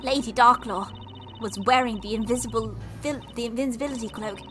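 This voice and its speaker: A woman's voice: a little high, moderate pace, a bit bright, close to an everyday voice. A woman voicing an earnest young girl with solemn, old-fashioned phrasing in a game playthrough. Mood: accusing. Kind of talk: voicing game dialogue while streaming. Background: game music.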